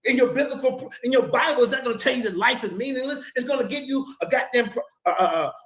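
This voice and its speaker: Fiery high-voiced man debating. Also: fast talker, a bit bright, reverberant, poor audio. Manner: fiery, repetitive, preacher-like cadence. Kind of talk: heated online debate. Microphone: video call.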